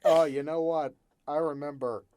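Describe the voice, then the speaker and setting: A man's voice: fairly high pitch, steady tone, moderate pace, mellow. A man hosting a casual podcast chat, giggly and self-deprecating. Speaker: podcast host.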